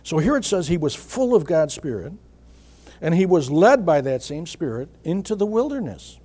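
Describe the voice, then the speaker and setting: Husky-voiced preacher with a lively pitch. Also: male voice, moderate pace. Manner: earnest, repeats key words, clears throat often. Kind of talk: sermon.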